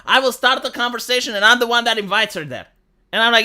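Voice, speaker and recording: A woman with a Montreal accent ranting profanely to her live-stream audience. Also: fairly high pitch. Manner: profane, exasperated, fast and animated. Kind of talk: casual live-stream rant.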